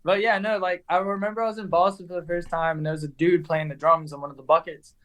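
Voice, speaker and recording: A man's voice: sits high, fairly even intonation, quick pace, a bit bright. Young man with a mixed English accent. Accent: mixed English and American Southern. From England. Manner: chatty storyteller, says "dude" and "like" a lot. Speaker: motorcycle racer guest. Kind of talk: casual chat.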